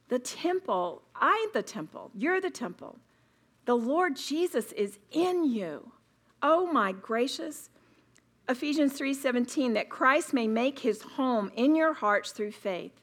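A woman with a slightly high voice preaches at a retreat. She speaks emphatically and stresses her points by repeating words. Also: a bit bright. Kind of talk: sermon.

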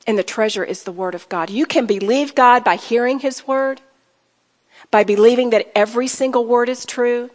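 A woman's voice: on the high side, normal speed. A woman teaching a women's Bible study, earnest and exhorting, often acting out sample prayers aloud. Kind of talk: sermon. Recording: hall reverb.

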